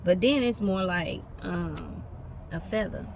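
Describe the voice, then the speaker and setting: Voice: mid-range voice, animated, slow, creaky. A tarot reader giving a loose, casual reading, free-associating from one image to the next with plenty of profanity. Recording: noisy background with vehicle sounds.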